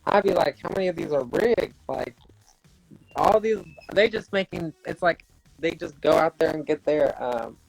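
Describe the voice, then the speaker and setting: A woman co-host speaks in a deeply gravelly, husky voice. She chats casually and backs up her partner often. Faint music plays behind her. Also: expressive, normal speed, darkish tone, no room sound, low-quality recording. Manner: chatty, with frequent backchannel agreement. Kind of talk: casual chat.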